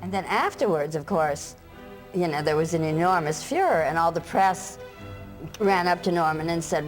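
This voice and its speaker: A woman's voice: lowish voice, normal speed, soft background music, rough recording. A woman writer in a documentary interview, recounting events in a matter-of-fact, wry way.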